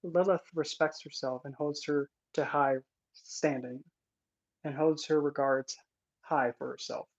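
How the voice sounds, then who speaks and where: On a dull lo-fi recording, an occult content creator gives indignant, sarcastic vlog commentary in a casual style. The mid-range voice stays steady and moves a little slowly.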